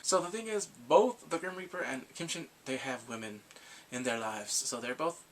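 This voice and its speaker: A man giving a casual, animated recap of drama episodes, laughing and acting out the characters' lines. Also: medium pitch, moderate pace, a little hiss or hum. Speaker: drama reviewer.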